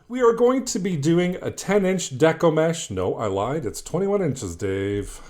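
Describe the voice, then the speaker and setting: A man's voice: fairly high pitch, big pitch swings, unhurried, hardly any pauses, a little mellow. A man narrating his own wreath-making craft video in a casual, chatty way, laughing at his own slip-ups. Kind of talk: casual craft tutorial voice-over.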